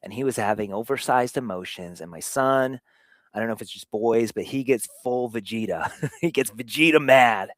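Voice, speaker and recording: A man hosting a show, giving an earnest motivational talk on fatherhood, swinging between hushed and emphatic delivery. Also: mid-range voice, normal speed, no room sound. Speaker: show host.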